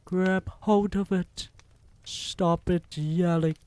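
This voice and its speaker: Man putting on a shrieking Grand High Witch. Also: fairly even intonation, very slow, darkish tone, clear, resonant tone, dry recording. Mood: shouting. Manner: screeching commands.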